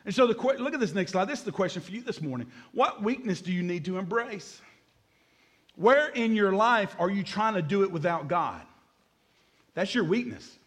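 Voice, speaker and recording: A male pastor delivering a sermon in an animated, dramatic way, acting out asides. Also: high-pitched, moderate pace.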